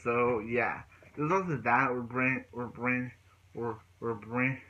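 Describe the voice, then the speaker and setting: Man, rambling casual TV recap, bright tone, husky edge, dull lo-fi sound. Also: mid-range voice, takes it slowly. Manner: rambling retelling with many restarts. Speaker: TV show reviewer.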